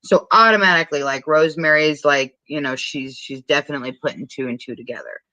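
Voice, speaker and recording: A woman co-hosting a podcast speaks fast in a low-pitched, bright voice with a forceful tone, recapping a movie casually. Her retelling is rambling and profane, broken up by frequent laughs. The recording sounds dry and muffled.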